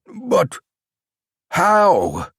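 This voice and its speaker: A man's voice: mid-range voice, lively intonation, takes it slowly, no echo, studio quality, voice pushed up. A man voicing a frightened young male soldier who stammers and pleads. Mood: nervous, desperate.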